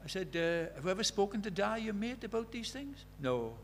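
A man's voice: sits high, big pitch swings, fairly quick, a little hiss or hum. Earnest male preacher, probing questions. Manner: earnest, questioning, retells conversations in quoted dialogue. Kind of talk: sermon.

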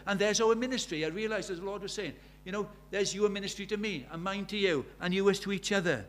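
A man's voice: high-pitched, quick pace, hardly any pauses. A man preaching a sermon, telling stories in a conversational way and building to urgent emphasis.

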